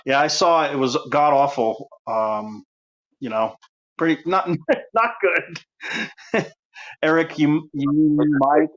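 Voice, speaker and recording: A man from Rhode Island with the matching local accent hosts a casual call-in show. He rambles warmly, losing his thread with plenty of ums and restarts. His voice sits at an ordinary middle pitch and comes through a dull, lo-fi speakerphone. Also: slow. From Rhode Island, USA. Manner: chatty, easily distracted, many fillers and restarts. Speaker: host. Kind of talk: casual call-in livestream chat.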